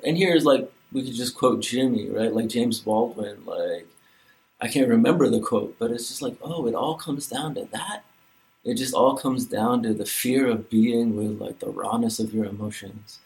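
A doctoral student in a reflective group conversation, thinking aloud in a searching way with many fillers. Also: male voice, mid-range voice, creaky, rough recording.

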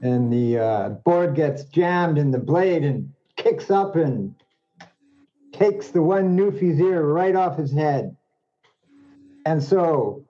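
Man, jokes, slow drawn-out delivery, dull recording. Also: fairly high pitch. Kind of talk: joke telling. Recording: dull lo-fi audio.

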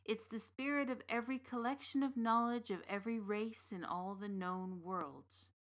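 A woman reading the part of a big, gently knowing uncle from the fairy realm in an audiobook story. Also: fairly high pitch, normal speed, voice pushed up, lightly acted. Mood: calm. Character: big warm Irish uncle, old fairy king's son.

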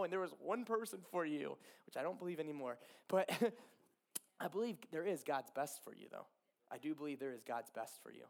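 Guy in his 30s preaching, high voice, animated and laughing, telling a story to the crowd. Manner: animated, emotional, laughs often. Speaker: pastor. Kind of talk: sermon storytelling.

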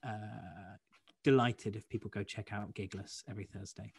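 A man's voice: lowish voice, steady tone, normal speed, creaky, breathy edge, no echo. A young man from the UK, a comedian being interviewed, talking casually and rambling with many restarts. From United Kingdom. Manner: rambling, many restarts and fillers, self-deprecating. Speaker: comedian guest.

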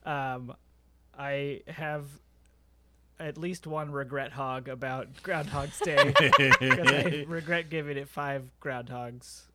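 A man's voice: a little high, lively intonation, takes it slowly, noisy background. A man co-hosting a podcast, giving a hesitant, self-deprecating movie review in casual chat. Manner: hesitant, self-deprecating, chuckles between phrases. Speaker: podcast co-host.

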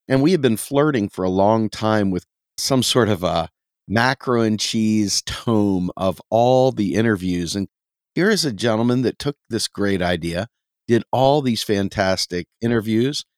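A man's voice: on the low side, no room sound, studio quality. A man hosting a podcast interview, introducing his guest with enthusiasm. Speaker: podcast host.

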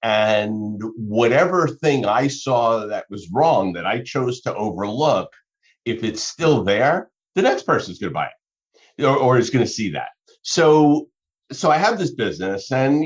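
A man's voice: mid-range voice, expressive, measured pace. A man giving conversational business advice, explaining through examples with self-corrections. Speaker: business advisor. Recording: dull lo-fi sound.

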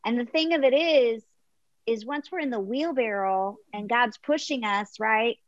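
A woman guest on a faith interview, telling an illustration with lively voices for the crowd. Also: fairly high pitch, measured pace, no room sound, lo-fi sound. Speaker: guest author.

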